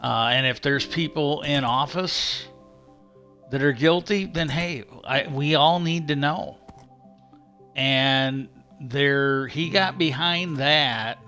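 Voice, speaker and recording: Bright-voiced man rambling on a livestream. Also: fairly high pitch. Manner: halting, restarts often, swears casually. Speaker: livestream host. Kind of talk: casual rambling commentary.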